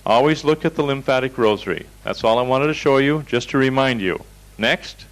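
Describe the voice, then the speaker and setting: A man's voice: mid-range voice, normal speed, rough recording. A man teaching a seminar over slides, telling folksy anecdotes in a direct, storytelling way. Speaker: seminar instructor.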